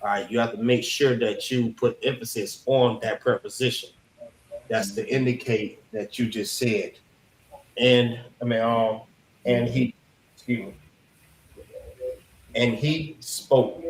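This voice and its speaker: A man teaching a language class, patiently repeating words slowly for students. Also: mid-range voice, fairly even intonation. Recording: echoey room, faint background noise.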